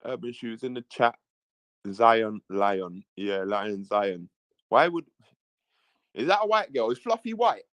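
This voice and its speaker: A man's voice: on the low side, lively intonation, slow pace, pauses often, fairly bright tone, no echo, low-quality recording. Chatty man reading out stream chat. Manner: reads chat aloud, repeats himself, chuckles. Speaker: livestream host. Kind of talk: casual livestream chat.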